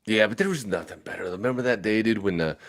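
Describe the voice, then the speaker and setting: A man's voice: on the low side, fast, no room sound, studio quality. A middle-aged man co-hosting a podcast, telling loose, profane, rambling stories in casual chat. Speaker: podcast co-host.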